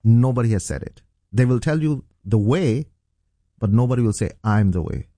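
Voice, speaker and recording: A man's voice: mid-range voice, moderate pace, mellow, dry recording. A middle-aged man from Pakistan, a pastor, earnestly telling his personal testimony as an interview guest. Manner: earnest, storytelling.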